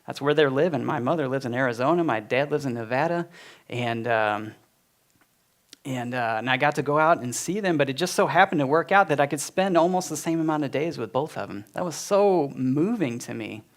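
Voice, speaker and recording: A brisk male speaker with a mid-range voice, in his forties, stands before a church gathering to give his personal testimony. He tells his story in a heartfelt, conversational style, using many fillers.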